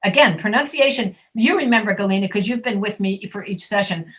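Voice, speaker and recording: A woman teaching an online English pronunciation class, patiently demonstrating sounds slowly and repeating them. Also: medium pitch, fairly bright tone. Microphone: video call.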